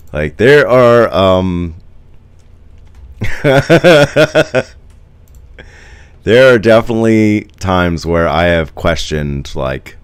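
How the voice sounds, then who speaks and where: Man, 40s, from the US, very low pitch, dry sound, casual rambling live-stream chat. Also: clean tone, no room sound. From United States. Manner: rambling, chatty, reads and answers viewer comments.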